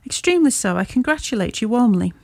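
Woman voicing a lofty, amused male detective in a storybook reading, lifted pitch, dry close sound. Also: expressive, fast, dry recording. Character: sharp, amused male detective, cool and superior.

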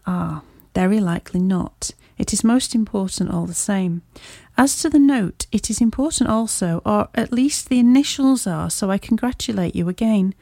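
A woman reading aloud, voicing a sharp, amused male detective who talks down to a police inspector with dry teasing. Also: medium pitch, expressive, normal speed, creaky, hardly any pauses, no room sound. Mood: amused, lofty.

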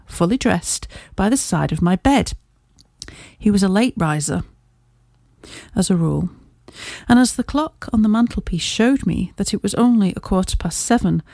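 An audiobook narrator, a woman with a medium-pitched, warm, mellow voice, reads a classic detective tale as scripted narration. Her storytelling is measured and even, and the recording is close and dry with no room sound.

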